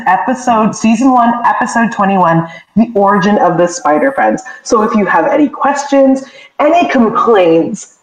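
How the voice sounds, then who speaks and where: A woman hosting a podcast in relaxed, chatty conversation. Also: mid-range voice, dull audio. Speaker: podcast host. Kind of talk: casual chat. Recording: roomy echo.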